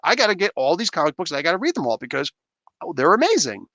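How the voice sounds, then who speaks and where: A man's voice: fairly high pitch, big pitch swings, fast talker, a bit bright, no echo. A man hosting a livestream, emphatic and rambling as he talks casually with fans. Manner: emphatic, rambling, fan banter. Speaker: comic book reviewer, livestream host.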